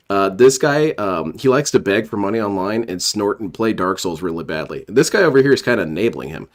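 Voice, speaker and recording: Sarcastic, low-voiced male streamer. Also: lively intonation, brisk, few pauses. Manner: sarcastic, rambling, mocking. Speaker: commentary streamer. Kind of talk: casual reaction commentary.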